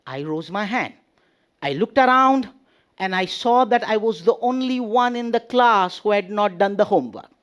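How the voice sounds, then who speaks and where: A man giving a humorous motivational speech with drawn-out delivery and pauses before punchlines. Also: sits high, expressive, a bit bright, smooth. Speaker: speech contest speaker.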